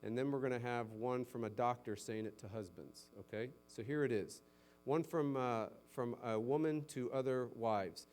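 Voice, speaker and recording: A male pastor preaching a sermon who climbs to loud, emphatic exhortation and then drops low and soft. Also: normal speed.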